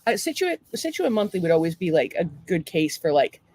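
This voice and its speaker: A woman's voice: fairly low pitch, big pitch swings, fairly quick, a little mellow, no echo. A woman with a Boston accent co-hosting a podcast, chatting casually and reading listener comments with lots of swearing. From Massachusetts. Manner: profane, rambling, reads listener comments aloud. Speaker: podcast co-host. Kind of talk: casual chat.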